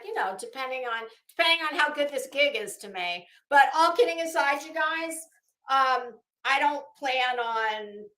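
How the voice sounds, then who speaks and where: A woman's voice: high-pitched, bright, forceful tone, echoey room. A middle-aged woman hosting a casual livestream, blunt and chatty, greeting viewers by name. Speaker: livestream host.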